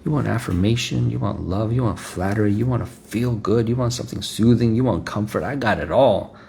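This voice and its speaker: A man's voice: fairly low pitch, brisk, a little mellow, slight background noise. A man voicing a coaxing temptress. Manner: smooth, coaxing, mocking.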